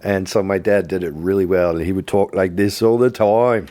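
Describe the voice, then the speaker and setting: A man hosting a podcast in relaxed, casual chat. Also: deep voice, moderate pace, no echo. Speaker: podcast host.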